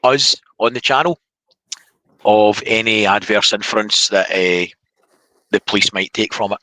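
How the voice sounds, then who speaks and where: A man's voice: lowish voice, unhurried, pushed and bright, no echo, low-quality recording. A man co-hosting a casual chat, joking and laughing often.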